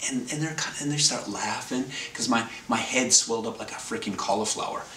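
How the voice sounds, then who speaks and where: A man's voice: medium pitch, fairly quick, pushed and bright. A wry man rambling through a story. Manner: rambling, self-correcting, wry. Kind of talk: casual anecdote told to camera. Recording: roomy, distant, faint background noise.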